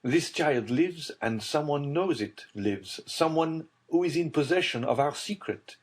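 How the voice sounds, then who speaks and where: In an audiobook, a man plays a desperate middle-aged nobleman, pitching his voice fairly high, above his natural register. The delivery is expressive and measured, a little mellow, and tense, urgent and grave throughout.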